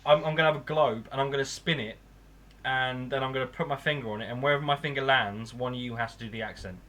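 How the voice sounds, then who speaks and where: A man's voice: medium pitch, fast talker, a bit bright. An English man hosting a casual podcast chat, joking and easygoing, his voice dropping at the ends of lines. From England. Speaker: podcast host.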